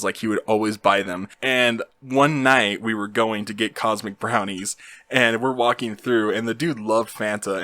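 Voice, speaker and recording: A young man tells a story in an easygoing, rambling way, full of fillers. His voice sits a little low. The recording is close and dry, with no room sound. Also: pushed and bright, no echo. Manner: rambling, laid-back, lots of fillers. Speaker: YouTube host. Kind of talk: casual storytelling.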